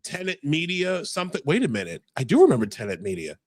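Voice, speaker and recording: A man's voice: on the high side, wildly swooping pitch, quick pace, slight background noise. A man with a New York accent hosting a casual livestream, brash and stammering as he reads chat aloud. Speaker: podcast host.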